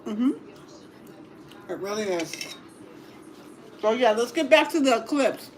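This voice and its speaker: A middle-aged woman talks slowly and easily to her livestream viewers between bites of dinner. She laughs often and lets out little murmurs as she tastes, into a phone mic on the table. Faint clinks of dishes sit in the background. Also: a little high, expressive, a little hiss or hum. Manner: chatty, laughs often, murmurs while tasting food. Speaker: livestream cooking host. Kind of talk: casual livestream chat while eating. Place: home dining table.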